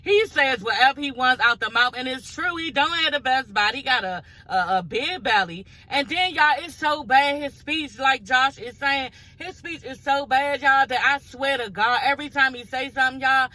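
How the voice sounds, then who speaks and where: A woman's voice: sits high, moderate pace, hardly any pauses, bright, forceful tone, no room sound, poor audio. A woman recapping a reality show in a casual gossip vlog, blunt and profane, talking straight to her viewers.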